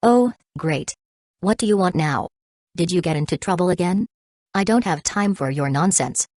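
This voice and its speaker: A woman's voice: low-pitched, animated, a little fast, darkish tone, no room sound, clean studio sound. A woman voicing a drunken, selfish middle-aged father who grumbles and rants in an audiobook. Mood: annoyed. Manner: grumbling, ranting.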